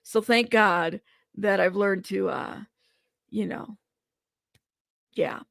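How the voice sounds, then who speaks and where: A woman's voice: mid-range voice, takes it slowly, creaky, a bit bright, no echo, clean studio sound. A woman hosting a casual livestream, greeting viewers by name and chatting with frequent laughs. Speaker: livestream news host. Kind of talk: casual live chat reading comments.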